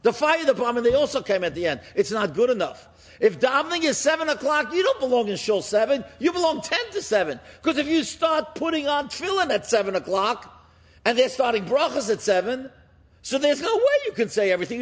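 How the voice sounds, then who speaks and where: Husky animated rabbi telling stories. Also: male voice, a little fast. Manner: animated storyteller, rising in pitch for emphasis. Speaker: rabbi and speaker. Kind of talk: storytelling sermon.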